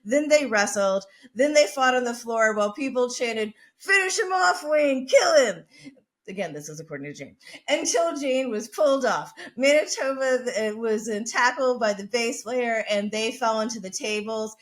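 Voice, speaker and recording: A woman's voice: fairly high pitch, moderate pace. A woman podcast host telling a story in a brash, chatty, profane way. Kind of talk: casual storytelling.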